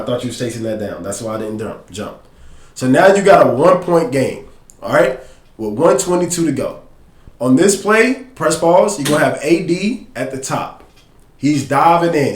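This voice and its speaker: A man with a high voice talks through game film on a casual podcast, slangy and animated. He keeps telling someone to pause and play. His voice rings in a roomy, echoey space. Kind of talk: casual sports film breakdown.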